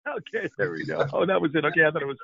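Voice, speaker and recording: A man's voice: a little high, racing, gravelly, pushed and bright, dry recording. Upbeat man on a tinny call. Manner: upbeat, jokey, calls people buddy. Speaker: host of a software Q&A call. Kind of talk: casual video call chat. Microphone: video call. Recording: tinny phone-like call audio.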